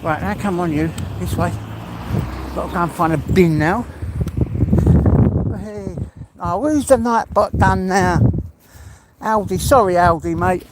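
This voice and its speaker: An English man with a high-sitting voice talks a little slowly over heavy background noise. He's live-streaming while walking his dog outside, rambling casually to viewers, out of breath, laughing often and greeting people by name.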